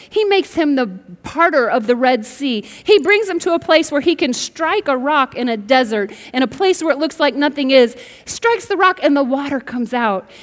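High-voiced woman preaching in a reverberant hall. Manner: emphatic, rising to bursts, asks the congregation to respond. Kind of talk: sermon with storytelling. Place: large church sanctuary.

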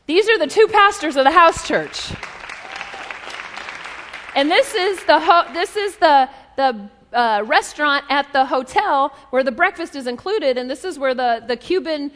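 A woman in her forties delivers a sermon in a high, bright-pitched voice, telling stories in a chatty, lively way full of asides. Her voice rings out with a long reverb tail, as if it fills a large church hall. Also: measured pace, a faint crowd. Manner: conversational, lively storytelling with asides. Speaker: preacher. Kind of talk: sermon storytelling.

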